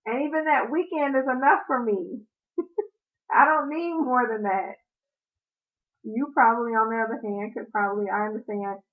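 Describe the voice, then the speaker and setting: A woman co-hosting a casual chat with her husband, blunt and emphatic in her opinions. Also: mid-range voice. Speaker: podcast co-host. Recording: tinny phone-like audio.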